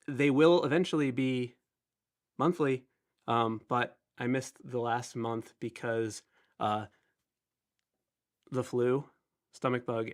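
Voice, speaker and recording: A man in his thirties hosts a casual live stream, his voice slightly nasal and pitched in the middle range. He chats in a loose, rambling way and pokes fun at himself as he greets people. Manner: chatty, rambling, self-deprecating. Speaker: livestream host.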